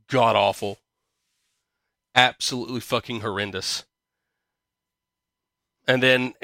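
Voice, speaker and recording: Podcast guy, sarcastic and sweary, bright tense voice, dry close sound. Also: mid-range voice, no echo. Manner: profane, sarcastic ranting. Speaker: podcast host. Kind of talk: casual chat, reading news articles.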